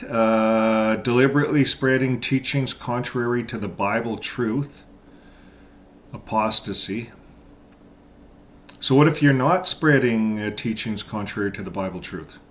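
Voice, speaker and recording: A man hosting his own channel, reading out court documents and commenting on them in an indignant, halting way with many fillers and repeated words. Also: mid-range voice, fairly bright tone. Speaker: channel host.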